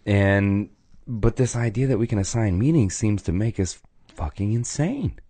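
A man hosting a casual podcast chat, joking and animated, swearing freely and slipping into mock voices. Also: on the low side, normal speed, no echo. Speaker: podcast host.

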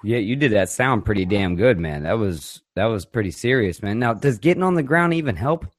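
Male host, fairly low voice, blunt and expressive, dry close mic. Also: a little fast, no echo. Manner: reacts loudly with surprise and swearing. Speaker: podcast host. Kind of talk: casual chat.

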